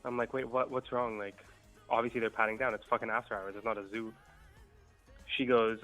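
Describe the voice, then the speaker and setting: A man's voice: medium pitch, fairly quick, fairly bright tone, faint music behind, rough recording. A young man casually telling a long, profane party story on a podcast, laid-back and swearing freely. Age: young adult. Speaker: guest storyteller.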